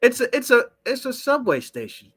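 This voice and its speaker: A man's voice: very high-pitched, very animated, normal speed, fairly bright tone, breathy edge. Profane, skeptical man talking to his chat. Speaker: show host. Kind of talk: casual live-stream talk.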